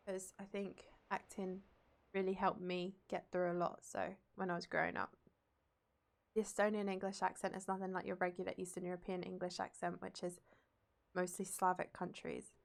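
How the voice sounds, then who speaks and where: A woman's voice: fairly low pitch, gravelly. A young woman streamer and drama teacher, rambling casually as she plays a game and reads chat aloud and answers it.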